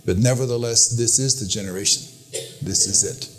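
A man's voice: brisk, faint music behind. Older man preaching an earnest sermon. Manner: storytelling, quoting with raised pitch, earnest and emphatic.

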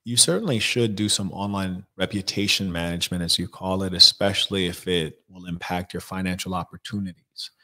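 A man with a very low voice hosts an advice stream. He answers viewer questions bluntly and at a measured pace. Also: fairly even intonation, pushed and bright. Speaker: life coach host.

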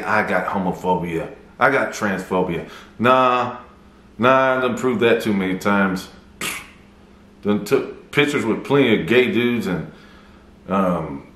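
A male YouTuber delivering a mocking call-out vlog, taunting and deliberate. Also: medium pitch, a bit bright, reverberant.

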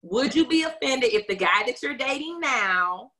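Bright woman co-host, fairly high, blunt and sarcastic questioner. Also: lively intonation. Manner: sarcastic, quick, direct questions. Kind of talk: casual group chat.

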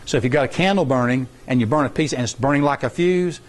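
A middle-aged man leads a science competition workshop in a folksy, rambling way. He circles back and repeats his points to make them stick. His voice sits at an ordinary middle pitch. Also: fast. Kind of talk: informal classroom explanation.

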